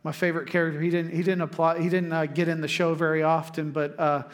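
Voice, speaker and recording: A man, preaching a sermon as pastor, telling lively stories to the congregation and acting out quotes. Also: fairly high pitch, fast.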